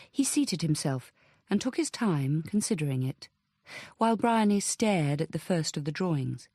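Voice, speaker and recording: Woman reading an audiobook, steady even pace, lowish voice, dry sound. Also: no room sound. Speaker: audiobook narrator. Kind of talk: scripted narration.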